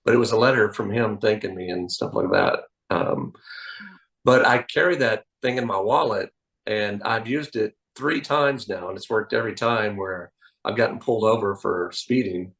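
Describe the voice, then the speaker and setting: A man being interviewed as a magician, telling anecdotes in an animated, storytelling way. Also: on the low side, normal speed, gravelly, low-quality recording. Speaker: magician guest.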